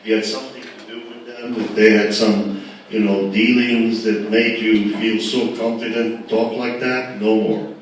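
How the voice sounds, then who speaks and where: A man moderating a panel at a live event, speaking forcefully with repeated rhetorical questions. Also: on the low side, little pitch movement, measured pace. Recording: echoey hall from far off, noisy.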